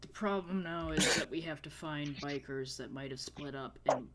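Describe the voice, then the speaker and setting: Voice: mid-range voice, normal speed, a crowd in the background. A player in a tabletop role-play who asks practical questions about the plan.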